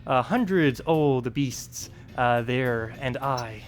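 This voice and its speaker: A man voicing a male dwarf engineer in a video game, speaking in a put-on brogue with a slow, halting delivery full of pauses. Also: mid-range voice, close to an everyday voice. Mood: hearty. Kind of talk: streamer reading game dialogue aloud.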